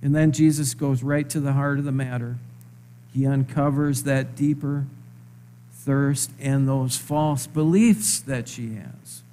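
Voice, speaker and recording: A man preaching a sermon in a conversational way, asking his listeners rhetorical questions and stressing words slowly. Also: medium pitch, steady tone, warm tone, a little hiss or hum. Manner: slow, emphatic phrasing.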